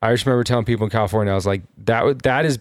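A man's voice: medium pitch, very fast, clean tone, no room sound. A laid-back man talks casually with his friends and swears without much thought. The recording is dry and close. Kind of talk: casual chat among friends.

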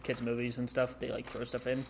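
A man's voice: medium pitch, completely flat delivery, fairly quick, vocal fry, a little hiss or hum. A man hosting a casual movie podcast with friends, laughing often. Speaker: podcast host. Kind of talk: casual chat among friends.

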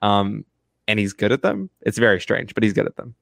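A man with a fairly low voice talks through his take on a film in a loose, rambling way, stopping and restarting his sentences often. The sound is dry and close, with no room around it. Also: brisk, creaky, no room sound. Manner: rambling, many restarts and fillers, laughs often. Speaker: film review podcast co-host. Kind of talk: casual film review chat.

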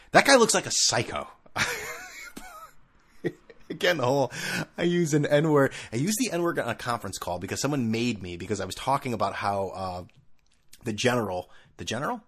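A man's voice: on the low side, animated, moderate pace, fairly bright tone. A man hosting a podcast on his own, talking in a rambling, self-mocking way with bursts of laughter. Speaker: podcast host. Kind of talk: casual solo podcast chat.

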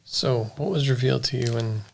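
A man leading a group Bible study, prompting readers and questions in a relaxed way. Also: mid-range voice, a little fast, vocal fry, a little hiss or hum.

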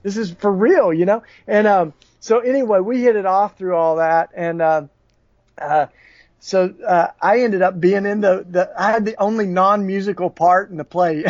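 A man with a Southern US accent, a podcast guest telling stories in a halting way with many restarts. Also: fairly high pitch, vocal fry, no echo. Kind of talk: conversational storytelling. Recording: dull, dry lo-fi audio.

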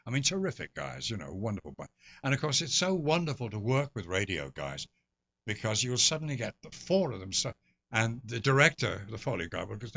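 A man's voice: medium pitch, very animated, a little fast, creaky, fairly bright tone, highs cut off. An older English man, a guest actor, telling stories in an interview with theatrical asides. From England. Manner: expansive storyteller, theatrical asides. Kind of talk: anecdotal interview talk.

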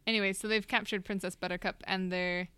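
A woman co-hosting a podcast, casually retelling a film scene in an animated way. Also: medium pitch, fairly quick, smooth, no echo. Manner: animated storytelling recap. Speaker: podcast co-host. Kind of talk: casual chat.

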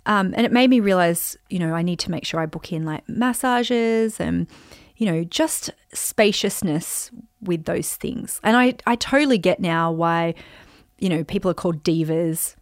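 A woman's voice: lowish voice, normal speed, no echo, studio quality. A woman hosting her own show, telling a story in a chatty, rambling way with lots of "like" and "you know". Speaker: podcast host and speaker. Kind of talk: casual storytelling monologue.

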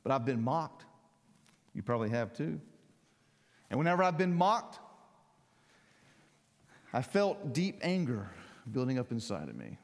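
A man preaching a sermon, emphatic, climbing to loud peaks and then dropping to quiet lines. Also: medium pitch, very animated, measured pace, pauses often. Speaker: pastor. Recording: long hall reverb.

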